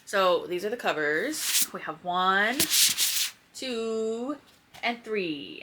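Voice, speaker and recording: Very slowly but with animation, a woman in a mid-range voice chats and rambles at home by her bookshelves, addressing a camera in front of her and swearing occasionally. The book vlogger's background is noisy.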